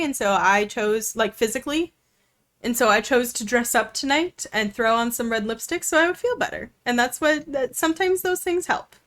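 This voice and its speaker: Chatty woman streamer, higher voice. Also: a bit bright. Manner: chatty, many fillers, talks to viewers. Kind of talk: casual chat while playing a game.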